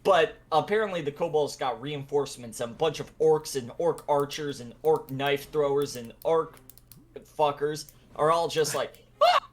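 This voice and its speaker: A man's voice: on the high side, normal speed. A man casually recapping a tabletop game session for friends, laughing and acting out the characters' lines as he goes. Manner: animated, laughing, acts out voices in the retelling.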